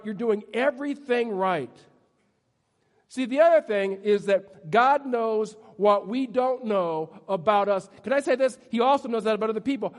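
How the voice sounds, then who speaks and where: A man preaching a sermon as pastor, telling humorous self-deprecating stories. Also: very high-pitched. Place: church sanctuary. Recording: long hall reverb.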